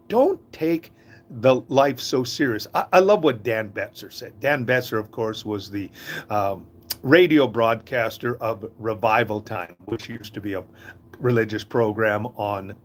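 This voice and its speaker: A man's voice: on the low side, lively intonation, unhurried. An older man hosting a live talk in a casual, folksy, inspirational way, often chuckling at his own stories.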